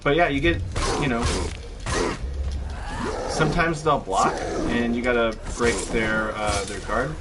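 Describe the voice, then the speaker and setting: A man's voice: mid-range voice, steady tone, measured pace, long pauses, heavy background noise. A young man chatting casually while streaming a game, rambling with lots of fillers. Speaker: gameplay streamer. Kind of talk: casual chat while gaming.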